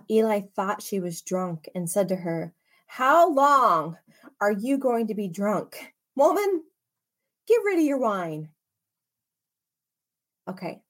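Woman Bible teacher, slow-paced, expressive and chatty, casual study tone. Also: mid-range voice.

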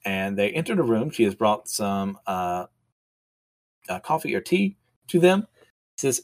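A man's voice: on the low side, sing-song, a little slow, pauses often, darkish tone, no room sound. A man casually reading comics aloud and commenting, chatty and often laughing. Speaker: manga reviewer.

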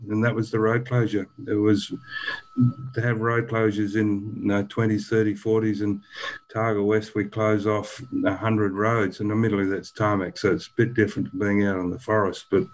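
An older man speaks in a low, even voice with little rise or fall. He talks like a long-time rally organiser in a relaxed interview, circling back and restarting his sentences as he goes. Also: poor audio. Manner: rambling, halting, many restarts. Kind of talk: casual interview.

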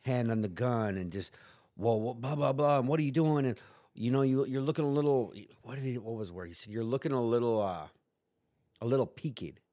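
A man's voice: medium pitch, fairly quick, dark tone. A man telling a story in casual chat, rambling and profane, acting out quotes in put-on voices. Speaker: guest.

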